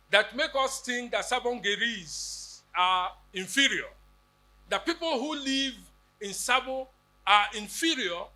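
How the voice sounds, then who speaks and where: A man's voice: sits high, pushed and bright. A man from Nigeria giving a rousing public lecture, speaking rhetorically and acting out the quotes in his stories.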